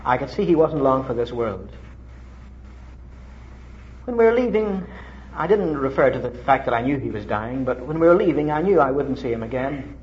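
A middle-aged man from Ireland preaching a sermon, telling stories with sudden leaps in pitch and emphasis. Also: moderate pace, pauses often, a little hiss or hum. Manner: animated storytelling with dramatic pitch leaps. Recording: muffled old lo-fi recording.

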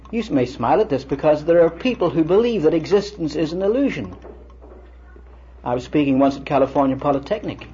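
A man's voice: mid-range voice, warm tone. Older man preaching on a dull old tape. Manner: storytelling, conversational, quotes others in dialogue. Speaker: preacher lecturing. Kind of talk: lecture-style sermon with anecdotes. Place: lecture hall with students. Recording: dull lo-fi vintage recording with faint hiss.

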